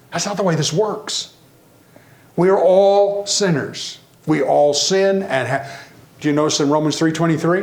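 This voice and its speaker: Animated preacher in a roomy hall. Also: male voice, high-pitched. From Tennessee. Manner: animated, acts out quoted people, varies pace. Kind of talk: sermon. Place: church.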